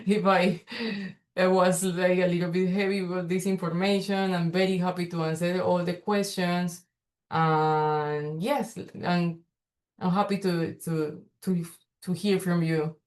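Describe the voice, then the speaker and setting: A woman presents her research in a virtual workshop. She speaks haltingly, full of fillers and restarts, over a video call microphone. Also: fairly low pitch, a little mellow. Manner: hesitant, many fillers and restarts. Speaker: guest speaker, pollinator researcher.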